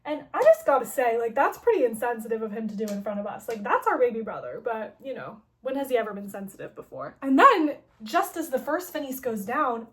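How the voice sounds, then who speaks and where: Chatty young woman with a higher voice, filler-heavy, casual story recap. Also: big pitch swings, brisk, hardly any pauses.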